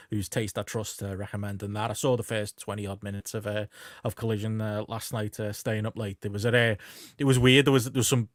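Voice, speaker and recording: A man's voice: on the low side, fairly bright tone, no echo, studio quality. A man co-hosting a casual wrestling podcast, rambling through the news with lots of fillers and restarts. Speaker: podcast co-host.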